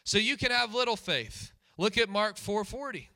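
A man's voice: sits high, expressive, moderate pace, bright, forceful tone. A man preaching a sermon, emphatic and repetitive, putting questions to his congregation. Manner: emphatic, repeats key phrases, asks the congregation questions.

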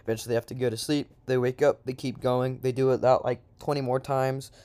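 A man's voice: mid-range voice, flat delivery, fast, a little mellow, clean tone. A man improvising a silly comic story in a rambling, slangy way, with lots of asides.

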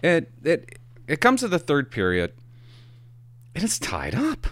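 Animated, rambling middle-aged man storyteller. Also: a little high, a little slow, long pauses, no echo. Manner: rambling, animated, swears for emphasis. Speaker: hockey parent. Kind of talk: casual storytelling monologue.

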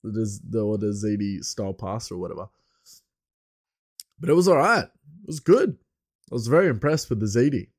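A man's voice: fairly low pitch, animated, fairly quick, pauses often, no echo, clean studio sound. An Australian man hosting a podcast on his own, chatting casually, laughing often and wandering into asides. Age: adult with a young son. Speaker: podcast host. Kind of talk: casual rambling monologue.

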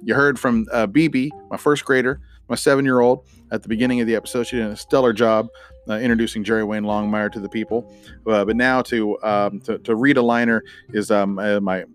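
A man's voice: on the low side, fairly even intonation, brisk, faint music behind. Rambling middle-aged male podcast host. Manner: rambling, filler-heavy, playful rhymes. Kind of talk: casual podcast outro.

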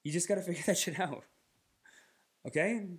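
A man from Canada tells loose, rambling comic stories on his podcast. His voice sits a little higher than most men's. He swears casually and acts out bits as he goes. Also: normal speed, breathy edge. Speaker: podcast host. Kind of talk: casual comedic storytelling.

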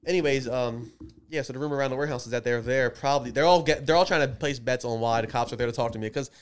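A man's voice: medium pitch, clean tone. A man co-hosting a podcast in casual chat, teasing his friends and telling stories. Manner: fast, joking, teasing. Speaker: podcast co-host.

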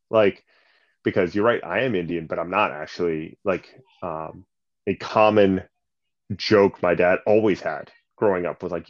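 Man, late 30s, coach, animated storyteller, lowish pitch, dull lo-fi recording. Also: moderate pace. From Canada. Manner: animated, lots of fillers, acts out quotes. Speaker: basketball coach and nonprofit leader. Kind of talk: conversational storytelling. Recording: slightly muffled sound.

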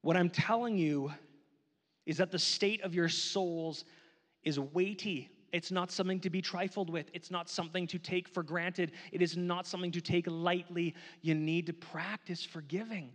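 A male pastor preaching a sermon, earnest and slow on his key lines, repeating phrases for emphasis. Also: high-pitched, fairly even intonation, a bit bright, big-room sound. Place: church sanctuary.

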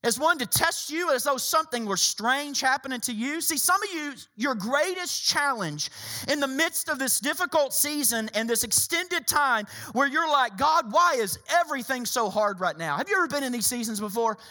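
Animated man preaching a sermon. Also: extremely high pitch, normal speed. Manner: animated preaching, repeats phrases, rises to shouts. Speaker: pastor. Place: church hall.

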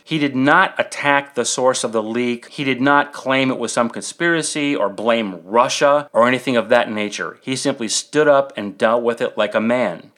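A man hosting a podcast, reading prepared political commentary in an emphatic, measured way with rhetorical questions. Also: mid-range voice, fairly bright tone. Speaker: podcast host.

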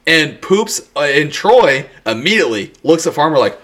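A man's voice: a little high, sing-song, normal speed, fairly bright tone. A man telling a rambling, crude story in a casual podcast chat, laughing often as he goes. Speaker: podcast co-host.

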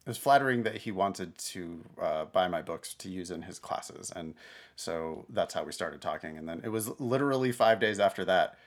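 Laughing, animated man co-hosting a podcast. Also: low voice, normal speed. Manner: animated, laughing, self-interrupting. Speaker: podcast co-host. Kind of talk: casual podcast chat.

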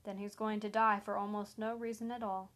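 Woman reading as a smug male hitman, mid-pitched, taunting and cold. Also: flat delivery, brisk, fairly bright tone, natural voice. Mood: menacing.

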